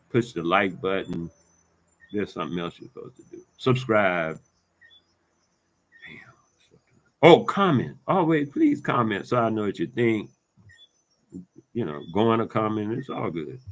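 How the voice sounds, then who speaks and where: A man delivering an angry, profane monologue to his viewers, ranting emphatically, repeating himself and swinging between loud bursts and low muttering. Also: expressive, unhurried, long pauses. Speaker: vlogger.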